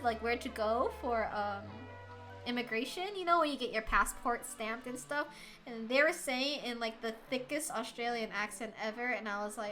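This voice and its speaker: A woman's voice: on the high side, lively intonation, normal speed, pushed and bright, faint music behind. An American woman chatting casually on a live stream, giggly and rambling, laughing often. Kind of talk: casual chat.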